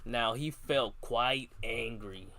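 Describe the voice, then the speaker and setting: A man's voice: mid-range voice, takes it slowly, bright, forceful tone. A man streaming live, reading a children's book aloud in a slangy, casual way and repeatedly tacking on a catchphrase between lines.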